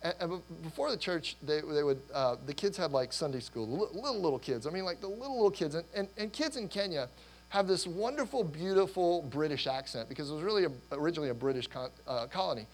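Middle-aged male pastor, slightly high voice, hoarse, rambling and animated sermon delivery. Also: fast talker, slight background noise, low-quality recording. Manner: animated, rambling with restarts and laughter. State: losing his voice.

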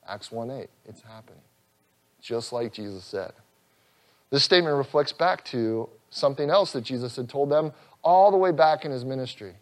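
A man preaching an expository sermon, earnest, rising loud on scripture and dropping soft, with an occasional chuckle. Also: mid-range voice, expressive, fairly quick. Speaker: pastor.

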